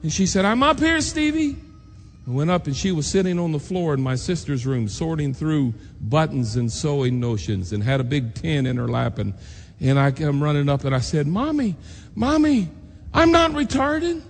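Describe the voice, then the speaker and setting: A man's voice: mid-range voice, brisk, vocal fry, darkish tone. A man preacher telling a personal story in an earnest, emotional sermon, acting out the voices of people he quotes. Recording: long reverb in a large hall, faint noise.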